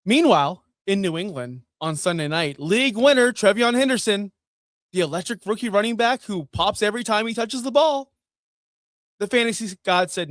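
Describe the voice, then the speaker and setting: A man hosting a fantasy football show, ranting with sarcasm and profanity, jumping between loud outbursts and low muttering. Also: expressive, normal speed, dry recording. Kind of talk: ranting sports commentary.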